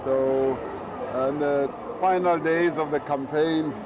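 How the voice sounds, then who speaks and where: A man, a politician, speaking in a measured way with pauses and fillers at an outdoor rally. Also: fairly high pitch, steady tone, background noise. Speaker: politician on the campaign trail. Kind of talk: interview soundbite.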